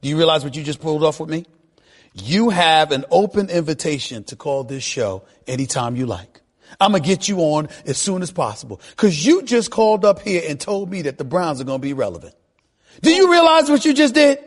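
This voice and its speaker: A man's voice: on the high side, a little fast. Emphatic sports radio host, man. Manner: emphatic, repeats himself, voice shoots up when excited. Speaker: radio talk show host. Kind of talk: sports talk radio, taking calls.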